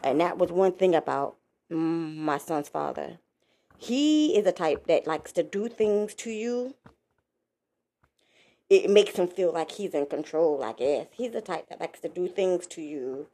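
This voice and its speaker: Woman venting her story, lots of cussing, dark gravelly voice. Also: fairly low pitch, unhurried. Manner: blunt, profane, animated retelling. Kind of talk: casual storytelling vlog.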